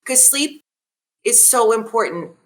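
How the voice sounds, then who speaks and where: A woman in her forties speaking as a wellness guest on a podcast, animated and laughing readily, often asking listeners questions. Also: on the high side, unhurried. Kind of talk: conversational podcast talk.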